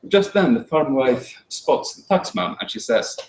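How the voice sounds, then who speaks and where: A man giving a talk and telling a folk tale, with dry, wry humor and frequent halting restarts. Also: medium pitch, very animated. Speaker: speaker. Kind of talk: storytelling talk. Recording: roomy echo.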